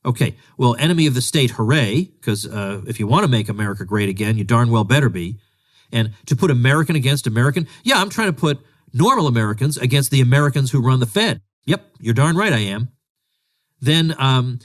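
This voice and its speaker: A man's voice: mid-range voice, lively intonation, a little fast. A man hosting a solo commentary podcast, talking in a sarcastic, exasperated way as he answers critics. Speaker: podcast host.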